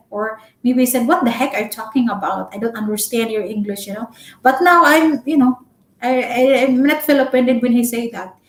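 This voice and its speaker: Chatty Filipino woman vlogger, slightly high voice. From Philippines. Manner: chatty, loud-spoken, frequent fillers. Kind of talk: casual live-stream advice talk. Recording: echoey room.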